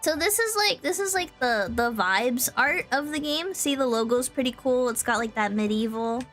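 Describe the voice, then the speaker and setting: A woman's voice: high voice, expressive, normal speed, fairly bright tone, faint music behind. A young woman from Texas, a streamer, chatting casually and rambling with lots of fillers. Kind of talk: casual chat.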